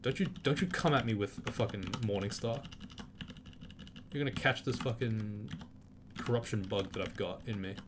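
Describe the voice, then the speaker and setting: Speaking at normal speed with frequent pauses, a lowish-voiced man swears his way through a casual let's-play, now and then bursting out indignantly at enemies. There's background noise, and loud keyboard clicks are audible on the mic.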